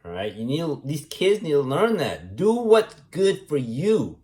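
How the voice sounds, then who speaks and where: A man's voice: fairly high pitch, wildly swooping pitch, unhurried, warm tone. A man delivering a rambling, preachy monologue, repeating himself and tagging lines with "man" and "right". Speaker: vlogger.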